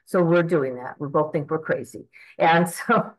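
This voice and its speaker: A woman's voice: sits low, normal speed, low-quality recording. A woman in her eighties, earnest and reflective, speaking a prayer aloud to God and reflecting on it. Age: 80s. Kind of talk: spoken prayer and spiritual reflection.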